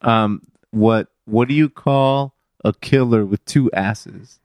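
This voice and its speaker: A man's voice: on the low side, slow, a little mellow, dry recording. A man co-hosting a casual podcast, teasing and laughing easily. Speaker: podcast co-host. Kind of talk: casual chat.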